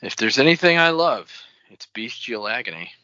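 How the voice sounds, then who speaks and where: A man's voice: moderate pace, no echo, highs cut off. A man co-hosting a book podcast, chatting casually and joking around. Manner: animated, jokey, swings widely in pitch. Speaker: podcast co-host. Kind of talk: casual book-club chat.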